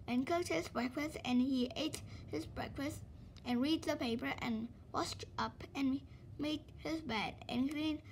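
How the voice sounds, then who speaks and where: Brief: woman storyteller, high voice, expressive children's book read-aloud. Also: vocal fry, slight background noise. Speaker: storybook reader.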